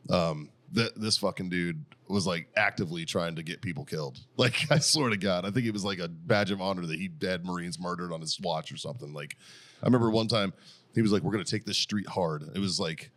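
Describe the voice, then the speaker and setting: A man's voice: low-pitched, a little fast, fairly bright tone. A middle-aged American man telling profane stories in casual podcast chat, laughing often as he goes. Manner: profane, storytelling, laughs a lot. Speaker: podcast host.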